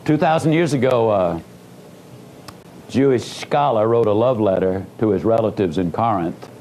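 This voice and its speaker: A man giving a motivational speech as a dramatic story, swinging his pitch and loudness and slowing down for emphasis. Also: a little hiss or hum, rough recording. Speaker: motivational speaker.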